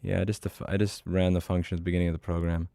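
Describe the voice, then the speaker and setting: Gravelly low-voiced man, blunt and profane. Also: little pitch movement, rapid-fire, warm tone, no echo, studio quality. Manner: profane, blunt, muttering to himself. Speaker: livestreamer coding. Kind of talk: casual livestream chat while programming.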